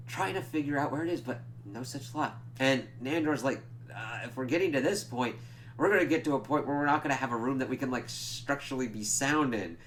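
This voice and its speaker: Profane, animated man recapping a show. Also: medium pitch, normal speed, slight background noise. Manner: animated, profane retelling with quoted lines; stumbles over words and laughs at himself. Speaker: TV reviewer. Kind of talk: casual episode recap.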